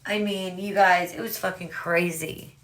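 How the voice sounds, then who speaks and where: A woman's voice: on the low side, fairly even intonation, measured pace, fairly bright tone, slight background noise. A woman casually telling her own story to viewers, rambling and swearing freely, often calling out "you guys".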